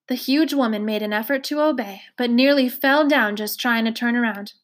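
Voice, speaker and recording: A woman reads a children's novel aloud, with a voice a little higher than most women. Her storytelling is even and clear, easy to follow along. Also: normal speed, hardly any pauses. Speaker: story reader.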